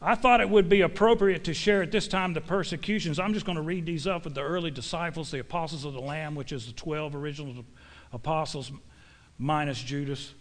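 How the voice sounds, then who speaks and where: High-voiced folksy male preacher. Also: fairly quick. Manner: folksy, emphatic, preaching with homespun sayings. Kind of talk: sermon. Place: church before a congregation.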